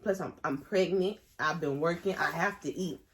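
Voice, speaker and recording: Chatty young woman, lower voice. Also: normal speed, background noise. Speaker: vlogger's sister. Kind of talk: casual storytime chat.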